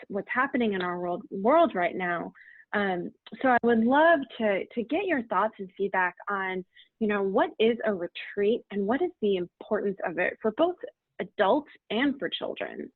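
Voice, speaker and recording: A woman's voice: mid-range voice, dry recording. Woman host on a tinny line. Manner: friendly, chatty, with fillers. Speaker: webinar host and interviewer. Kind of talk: casual webinar conversation. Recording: tinny dry phone-like audio.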